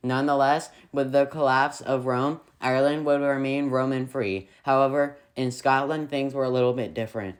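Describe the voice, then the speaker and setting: A man's voice: mid-range voice, steady tone, moderate pace, few pauses, slight background noise. Playful, sarcastic male history narrator. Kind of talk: scripted narration with jokey asides.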